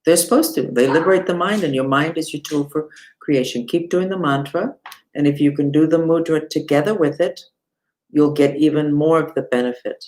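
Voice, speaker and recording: A woman who teaches mantras and meditation, giving an unhurried live-streamed lesson and talking straight to her viewers. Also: low-pitched, darkish tone. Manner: unhurried, talks to viewers and reads the chat aloud.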